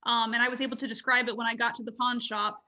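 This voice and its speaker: Woman, bright voice, higher pitch, chatty guest, casual talk. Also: flat delivery, fast talker, highs cut off. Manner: chatty, many fillers. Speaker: reading client. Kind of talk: casual chat.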